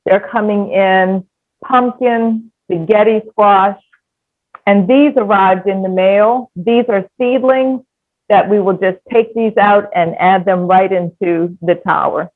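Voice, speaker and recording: Slow-talking woman on a tinny line. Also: medium pitch, no echo. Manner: warm, gushing about her garden. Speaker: garden tour guest. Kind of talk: casual testimonial on a video call. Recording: tinny phone-line sound, dry.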